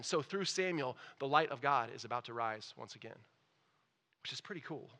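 A man preaching a sermon as pastor, reading scripture and explaining it, moving between quiet asides and loud emphatic peaks. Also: medium pitch, expressive, fairly quick.

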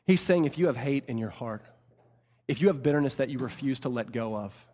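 A man preaching a sermon as pastor, swinging between loud emphatic bursts and hushed delivery, repeating phrases for emphasis. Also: medium pitch, expressive, a little fast. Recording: long reverb of a large hall.

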